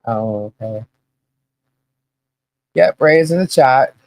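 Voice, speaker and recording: A woman hosting a live podcast stream and reading the chat, chatty and halting, laughing often. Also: very deep voice, lively intonation, a little mellow, dry recording, poor audio.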